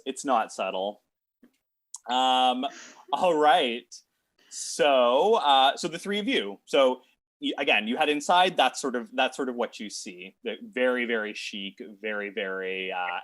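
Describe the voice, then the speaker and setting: A man narrating as game master of a tabletop game, talking in a halting way with many fillers and restarts. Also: mid-range voice, lively intonation, fairly bright tone, no room sound.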